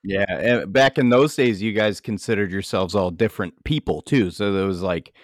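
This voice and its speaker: A man with a New England accent in casual podcast chat, relaxed and explaining. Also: fairly low pitch, normal speed, dry recording, studio quality. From New England, USA.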